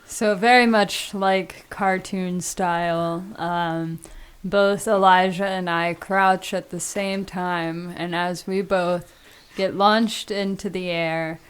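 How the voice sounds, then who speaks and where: A woman's voice: fairly low pitch, fairly even intonation, slow, clean tone. A woman playing a tabletop game, giggling as she describes her character's moves. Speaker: player. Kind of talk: tabletop role-play.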